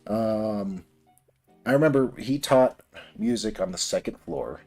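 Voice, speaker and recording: A man's voice: lowish voice, animated, unhurried, a little mellow, soft background music. A man telling a long personal story in a rambling, casual way while building a model kit on a livestream. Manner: rambling, many fillers and restarts.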